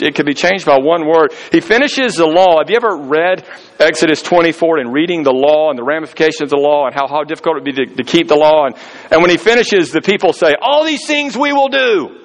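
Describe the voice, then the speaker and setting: A man's voice: fairly high pitch, fast talker, rough recording. A man preaching a sermon in a conversational storytelling way, acting out the voices of people he quotes. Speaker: pastor.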